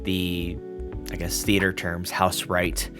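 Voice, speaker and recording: A man narrating a tabletop role-playing game as game master, halting often to search for words. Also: deep voice, completely flat delivery, music in the background. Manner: halting, full of fillers and restarts.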